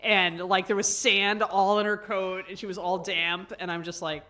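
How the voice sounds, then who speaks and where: A woman co-hosting a casual livestream chat, talkative and quick to laugh, trailing off mid-sentence. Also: mid-range voice, flat delivery, sharp tone. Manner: chatty, laughs often, trails off. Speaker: livestream co-host.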